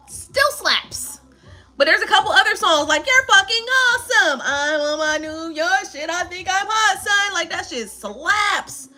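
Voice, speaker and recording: A woman chats casually with her live stream viewers, her voice high and bright. She talks in a playful, profane way, laughing often. Her pitch leaps around animatedly, with faint music behind her. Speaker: tarot reader and live stream host.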